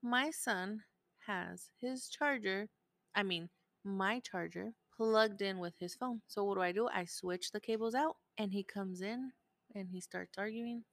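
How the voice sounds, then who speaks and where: Animated, cursing mom telling a story. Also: female voice, mid-range voice, normal speed, no room sound. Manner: animated, swears freely, switches between English and Spanish. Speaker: podcast host. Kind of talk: casual storytelling.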